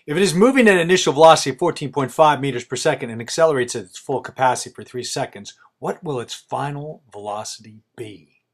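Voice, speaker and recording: A man's voice: mid-range voice, expressive, fast. A man plainly reading physics word problems aloud as a teacher.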